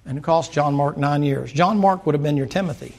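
A man preaching a sermon, dropping into low asides and rising into loud, emphatic runs. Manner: acts out dialogue in quick playful voices. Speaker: pastor.

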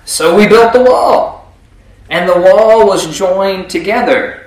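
A man's voice: high voice, slow. A man teaching a Bible passage in a sermon, reading verses aloud and explaining them in a folksy way. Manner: folksy, reads scripture aloud then explains. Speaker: preacher. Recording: echoey room with faint ambience.

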